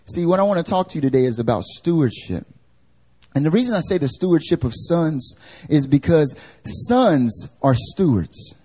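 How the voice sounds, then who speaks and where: Animated husky male preacher. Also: on the high side, normal speed. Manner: animated, conversational, acts out voices. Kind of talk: live church sermon. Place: church service.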